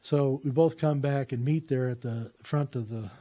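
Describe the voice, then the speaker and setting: A man's voice: mid-range voice, moderate pace, warm tone. A man telling a personal story in a conversational way, recounting what people said to him.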